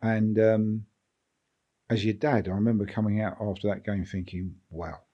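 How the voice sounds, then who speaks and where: A man's voice: fairly low pitch, little pitch movement, normal speed. A man in his fifties, the guest's father, proudly recalling his son's matches in a casual podcast chat. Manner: warm proud recollection, prompting questions. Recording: dull lo-fi sound.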